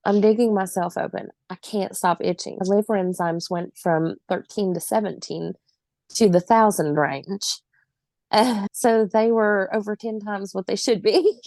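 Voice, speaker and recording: A woman's voice: medium pitch, measured pace, darkish tone, no room sound. A woman in her forties, a podcast guest, telling her own story in vivid, emphatic detail with occasional laughs.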